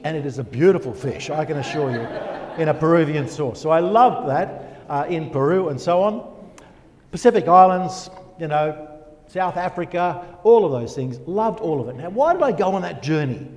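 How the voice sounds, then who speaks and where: An older man gives an animated personal testimony, firing rhetorical questions and answering them himself. His voice sits fairly high for a man, and a long reverb of a church hall trails each phrase. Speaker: guest speaker.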